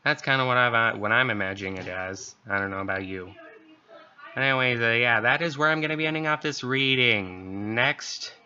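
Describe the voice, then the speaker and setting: A man's voice: medium pitch, moderate pace, sharp tone, smooth. A man hosting a channel and reading a creepy story, then chatting casually with fillers. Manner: rambling, filler-heavy chatter. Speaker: story reader, channel host. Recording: dull lo-fi recording.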